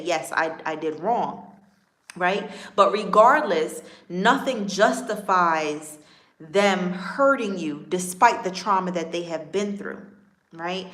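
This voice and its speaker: A woman's voice: mid-range voice, a bit bright. Earnest woman coach with roomy echo. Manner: earnest, emphatic, repeats key phrases, asks "right?". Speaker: relationship coach hosting a live stream. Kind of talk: live-stream talk to viewers.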